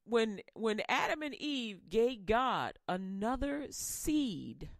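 A woman's voice: a little high, sing-song, takes it slowly, dry recording, studio quality. A woman podcast host retelling a Bible story comically, playful and preachy.

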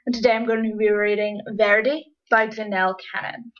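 A woman reading a children's picture book aloud, with expressive, lively storytelling. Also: medium pitch, fairly quick, a little hiss or hum. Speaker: storybook reader. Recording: dull lo-fi recording.

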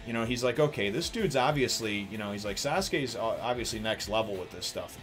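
A man in his thirties, casually reviewing a manga chapter, rambling and animated, with lots of fillers and some swearing. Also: medium pitch.

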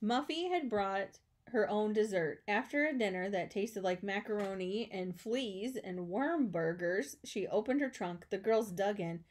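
A woman teacher reading a children's storybook aloud, expressive with chatty asides. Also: medium pitch, unhurried, few pauses.

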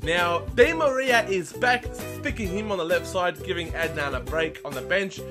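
A young man giving excited, chatty commentary over his own football video game match, shouting at the big moments. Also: sits high, normal speed, over music. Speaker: gaming YouTuber. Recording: audible background noise.

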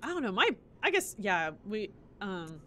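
A woman's voice: medium pitch, sing-song, normal speed, bright, forceful tone, slight background noise. Tired, chatty woman game streamer. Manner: chatty, reads item text aloud, trails off. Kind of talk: casual live-stream commentary.

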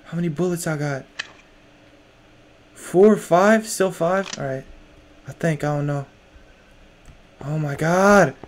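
A man's voice: on the high side, slow, long pauses, a little hiss or hum. A young man playing a horror game, jumpy and nervous, talking to himself in casual slang. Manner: casual slang, lots of "bro". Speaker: gamer. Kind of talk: horror game let's play.

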